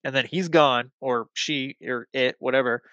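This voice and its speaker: A man's voice: mid-range voice, normal speed, sharp tone, no room sound, muffled recording. A young man telling a personal story in casual podcast chat, rambling with lots of fillers and the odd swear word. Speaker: guest.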